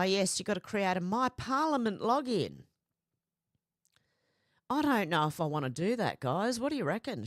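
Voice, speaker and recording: Chatty woman, slightly croaky. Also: medium pitch, no echo, clean studio sound. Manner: chatty, greets viewers by name. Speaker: livestream host. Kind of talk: casual livestream chat. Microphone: headphones with mic.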